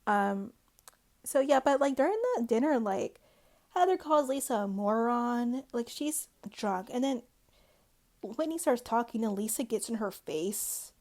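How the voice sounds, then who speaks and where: A woman's voice: a little high, animated, a little slow, darkish tone. A woman hosting a casual reality TV recap, talking in a chatty way full of "like" and "um". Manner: chatty, peppered with "like" and "um".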